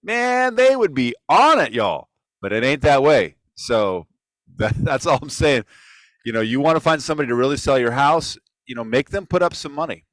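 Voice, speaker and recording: A man's voice: mid-range voice, sing-song, normal speed, fairly bright tone, dry recording, rough recording. A man hosting a casual online real estate talk, making blunt, emphatic points. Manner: emphatic, preachy opinions. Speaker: podcast host.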